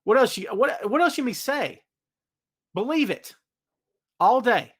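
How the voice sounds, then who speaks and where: Man, podcast host, energetic rant, high voice, swings all over. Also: measured pace, husky. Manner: animated ranting, hypes predictions, reads chat comments. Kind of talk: solo live-stream wrestling talk.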